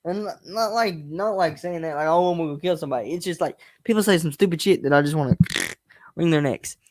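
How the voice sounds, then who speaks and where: A man's voice: a little high, brisk, no room sound, studio quality. A young man hosting his own show, talking in a blunt, emphatic way, swearing freely and often restarting his words. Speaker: host. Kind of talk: casual personal monologue.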